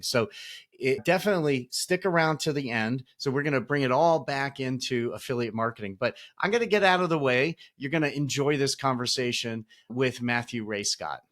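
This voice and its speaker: A man's voice: medium pitch, expressive, moderate pace, a bit bright. A man hosting a casual podcast interview, upbeat, laughing often and restarting his sentences. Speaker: podcast host.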